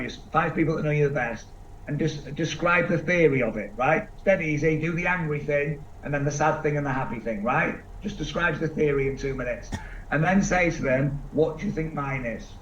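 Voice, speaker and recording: A man giving an energetic seminar talk to a live audience, asking them questions and acting out quick voices. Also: on the high side. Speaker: seminar speaker. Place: large event room with live audience. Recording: echoey room, distant mic, dull sound, faint background noise.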